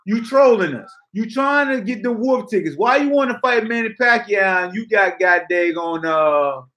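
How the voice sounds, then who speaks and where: A man with a fairly high voice hosts a sports talk show. He rants bluntly and loosely in casual slang. His delivery is animated. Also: moderate pace. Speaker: podcast host.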